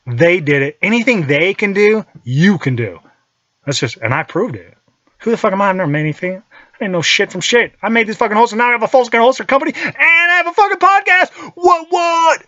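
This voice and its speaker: A man's voice: high voice, no echo, muffled recording. A man in his thirties telling stories in a casual monologue, swearing freely and acting out his own side of conversations. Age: 30s. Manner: profane, animated storytelling. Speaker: podcast host and holster maker.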